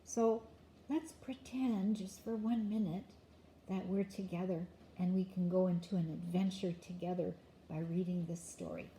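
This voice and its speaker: An older woman, a grandmother, gently reading a picture book aloud to a child with chatty asides. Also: lowish voice, fairly even intonation, normal speed, a little hiss or hum.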